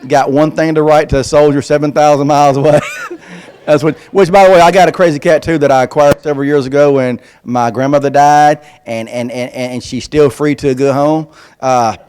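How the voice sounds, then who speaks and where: A man's voice: fairly high pitch, fairly even intonation, a little fast, a little mellow, smooth. Stuttering man, folksy. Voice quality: stutters on some words. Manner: folksy and self-deprecating. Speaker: veteran guest speaker. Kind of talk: comic storytelling speech.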